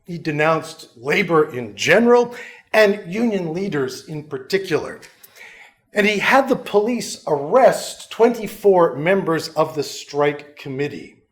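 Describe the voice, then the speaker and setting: Wry, fairly high-voiced male lecturer. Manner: conversational, wry and self-mocking asides. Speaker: history professor, guest lecturer. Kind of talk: lecture to a union school.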